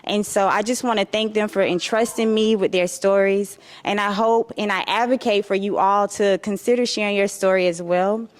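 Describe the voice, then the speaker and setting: A woman's voice: mid-range voice, fairly even intonation, normal speed, hardly any pauses. A woman who runs a publishing house, giving a heartfelt, tearful thank-you speech to an audience at her book launch on a handheld microphone. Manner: warm, tearful, effusive gratitude. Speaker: publisher and host. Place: event hall with live audience.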